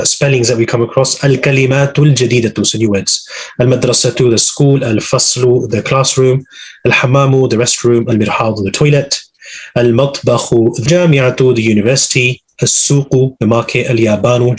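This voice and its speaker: A man teaching Arabic over a video call, with a slightly husky voice. He runs through the vocabulary one word at a time and explains each grammar point patiently. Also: medium pitch, fairly even intonation, normal speed. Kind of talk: online class teaching.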